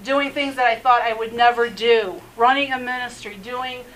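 A woman's voice: a little high, fairly even intonation, moderate pace, fairly bright tone, a little hiss or hum, low-quality recording. A middle-aged woman, a messianic rabbi, telling her personal testimony earnestly, laughing often and leaning on "you know". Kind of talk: personal testimony in a faith interview.

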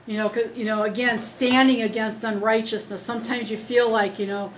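A woman preaching an earnest, rambling sermon as she starts losing her voice, talking loud without a microphone. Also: fairly high pitch, flat delivery, fairly quick, a little hiss or hum, low-quality recording. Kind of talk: conversational sermon. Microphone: speaking loud without a microphone.

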